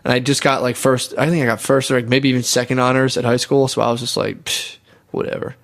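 A man's voice: mid-range voice, flat delivery, fast, vocal fry. A young man telling crude stories in casual chat, swearing freely and acting out whiny crying quotes.

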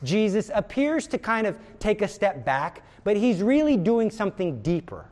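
A man's voice: sits high, very animated, moderate pace, darkish tone. A man teaching a prayer class in an earnest, emphatic way, repeating key words for stress. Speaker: religious teacher.

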